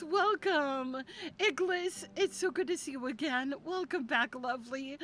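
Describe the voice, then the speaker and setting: A woman's voice: sits high, unhurried, fairly bright tone. A woman game streamer chatting casually on a live stream, gushing and affectionate with her viewers. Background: game music.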